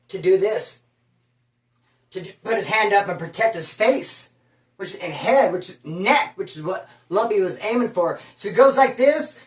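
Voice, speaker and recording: This man's voice sits high with a fairly bright tone, heard from afar in a room with plenty of echo. Recounting prison life, he spins a loose, slangy story and performs the voices of those he quotes.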